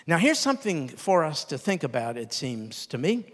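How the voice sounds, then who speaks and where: An older male pastor preaches a sermon in an earnest voice that sits a little high. He drops low and soft when he quotes tender words, and his voice carries a long reverb. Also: sing-song, normal speed, hardly any pauses.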